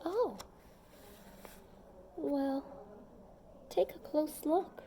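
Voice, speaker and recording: A woman reading a children's picture book aloud, gentle and expressive, pausing to chat with young listeners. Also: on the high side. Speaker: storybook reader.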